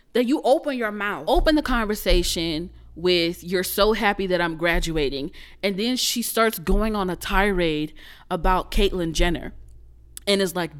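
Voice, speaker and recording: A young woman in a casual storytelling monologue, blunt and animated. She cusses freely and talks with a mid-range voice. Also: mid-range voice. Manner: animated, blunt, cussing, laughs while telling.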